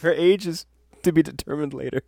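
A man co-hosting a casual podcast, teasing the others and quick with jokes. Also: a little high, gravelly, a little mellow, no echo, clean studio sound. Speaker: podcast co-host. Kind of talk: casual chat.

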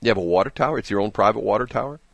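A radio morning show host tells rambling, jokey stories in casual on-air banter, often repeating his words. His lowish voice is very fast, creaky and a little breathy, captured dry on a studio microphone.

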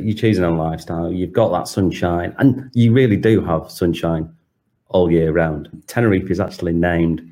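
Deep, mellow-voiced Mancunian man. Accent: Manchester English. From Manchester, England. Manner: chatty, laughs often. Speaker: guest. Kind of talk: casual conversation.

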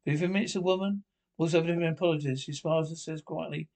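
A man with a gravelly voice reads pub jokes one after another, sitting a little higher than most men. He stumbles and restarts words often as he goes, the delivery plain and unpolished. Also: steady tone, darkish tone. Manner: halting read with frequent restarts. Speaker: joke teller. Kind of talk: reading jokes aloud.

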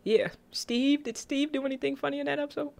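A woman's voice: high-pitched, fairly even intonation, fast talker, gravelly, a little mellow. A woman co-hosting a casual chat, talking easily, laughing often and reading out comments from the chat. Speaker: co-host of a sitcom recap stream. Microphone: own mic.

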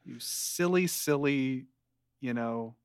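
A young man co-hosting a podcast, chatting casually and ranting at his friend in mock anger, with a dry deadpan delivery. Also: medium pitch, slow pace, clear, resonant tone, no echo. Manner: mock-angry deadpan rants. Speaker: podcast co-host. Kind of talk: casual chat.

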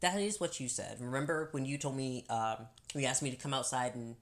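Very low-voiced woman in casual chat. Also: brisk. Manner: candid, laughs often, many restarts.

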